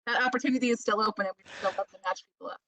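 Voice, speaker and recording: A woman organizing volunteers, speaking in a quick, upbeat and enthusiastic way on a video call. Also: medium pitch, steady tone, pushed and bright, dry recording, poor audio. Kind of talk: casual chat.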